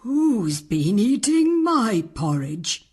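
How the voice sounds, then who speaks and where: Storybook mama bear, man putting on a high voice: fussy, breathy, slow and sing-song. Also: big pitch swings, a little mellow, full character voice. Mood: dismayed. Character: fussy mother bear, grown woman. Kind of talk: storybook read-aloud.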